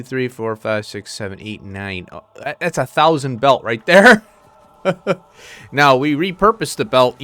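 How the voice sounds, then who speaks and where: A man's voice: medium pitch, bright, forceful tone, no room sound. A man giving casual, rambling commentary as he plays a game, thinking aloud and chuckling to himself. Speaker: let's play host.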